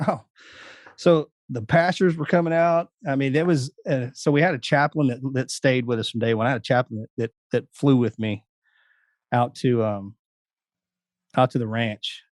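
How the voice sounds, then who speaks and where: A man's voice: mid-range voice, steady tone, normal speed, no room sound, clean studio sound. A man, a guest telling folksy family anecdotes in a casual way. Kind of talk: casual storytelling.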